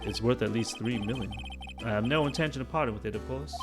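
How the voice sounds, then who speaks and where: A man's voice: medium pitch, quick pace, music in the background, lightly acted. A man voicing a pompous older male lawyer who blusters, stammers and speaks grandly.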